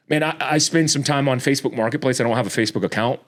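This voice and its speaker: A man talking as a podcast guest in casual chat, ranting heatedly, often restarting his words and jumping up in pitch when exasperated. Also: fast talker. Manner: frequent restarts and repeated words.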